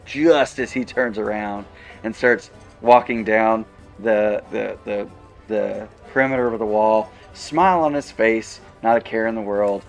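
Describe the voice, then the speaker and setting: A male game master describes the scene at an unhurried pace. He stumbles through his sentences with fillers and small laughs, keeping an easygoing flow. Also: fairly low pitch, creaky, soft background music. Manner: halting, with many fillers and light laughs. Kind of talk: narrating a tabletop game.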